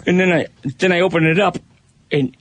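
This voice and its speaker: A man's voice: high voice, fairly even intonation, brisk, pitched above the performer's own voice. A man voicing a rambling, hard-drinking middle-aged man telling his story at a recovery meeting.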